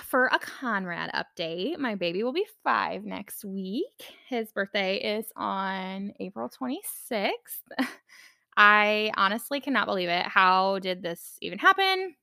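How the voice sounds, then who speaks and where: A woman's voice: mid-range voice, expressive, slow pace, creaky, sharp tone, no room sound, clean studio sound. A young woman hosting her own podcast, talking in a candid, chatty way with lots of fillers and casual swearing. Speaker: podcast host. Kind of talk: casual personal podcast monologue.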